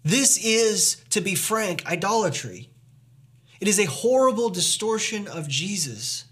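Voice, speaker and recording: High-voiced man preaching emphatically. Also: expressive, a little slow, a bit bright. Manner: earnest, emphatic preaching with rhetorical questions. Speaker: pastor. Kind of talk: sermon.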